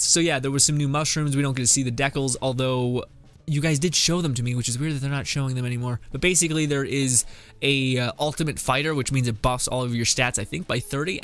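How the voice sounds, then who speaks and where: A man's voice: medium pitch, fairly bright tone. A man streaming a casual, rambling commentary on a game update, chuckling often in a wry way. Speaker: gaming streamer.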